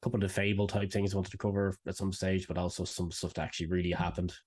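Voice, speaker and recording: Man, podcast co-host, wry, deep voice, husky. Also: little pitch movement, fast talker, darkish tone. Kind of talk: casual podcast chat.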